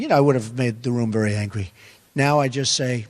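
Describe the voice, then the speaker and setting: An older man answers questions at a campaign forum as a political candidate, his mid-range voice fairly even, slightly fast and a little mellow, with a big-room sound. He is emphatic, repeats phrases and drifts into rambling asides.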